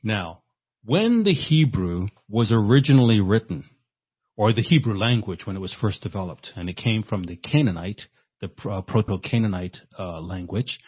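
A man with a low, husky voice preaches a sermon, building to forceful rhetorical questions and repeating words as he works through a point. The recording sounds dull and lo-fi. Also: animated, moderate pace. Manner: repeats words while thinking.

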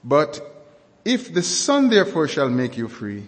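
A man preaching a sermon, speaking slowly and deliberately and repeating key words and definitions for emphasis. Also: a little high, wildly swooping pitch, long reverb tail.

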